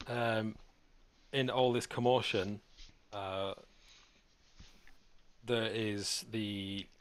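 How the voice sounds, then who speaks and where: A man's voice: fairly low pitch, steady tone. A man narrating as game master, describing scenes with frequent ums and restarts. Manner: halting, filler-heavy narration.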